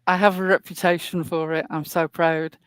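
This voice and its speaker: A woman's voice: sits low, level tone, moderate pace, clean tone, no echo, studio quality. A woman hosting a casual online talk show, chatting at length in a rambling way with plenty of fillers. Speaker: host. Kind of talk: casual podcast chat.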